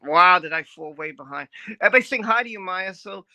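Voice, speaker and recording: A woman's voice: on the low side, animated, quick pace, pushed and bright. A middle-aged woman hosting a live stream in casual chat, greeting viewers by name in a chatty, scattered way.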